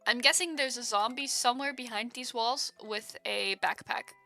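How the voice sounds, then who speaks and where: A young woman streamer chatting casually with her viewers while she plays, giggling often and breaking into excited exclamations. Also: a little high, normal speed, gravelly, soft background music.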